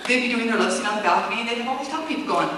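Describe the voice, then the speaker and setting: A woman at a convention Q&A telling set stories in a casual, animated way, laughing often and acting out quotes. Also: fairly high pitch, very fast. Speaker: convention guest speaker. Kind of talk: casual storytelling Q&A. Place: convention hall. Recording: echoey hall recorded from far off, noisy.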